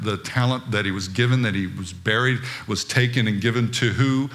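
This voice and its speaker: A man's voice: mid-range voice, fairly even intonation, moderate pace, a bit bright. A middle-aged man preaching a sermon as pastor, emphatic and fervent.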